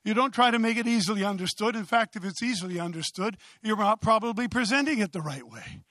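A man preaching a sermon with impassioned, loud delivery, building to exclamations. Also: high voice, animated, fast talker, no room sound. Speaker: pastor.

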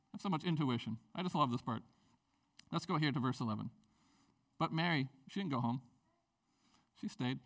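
A man preaching a conversational sermon, acting out the people in the story and swinging between loud bursts and hushed, intimate passages. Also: a little high. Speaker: pastor.

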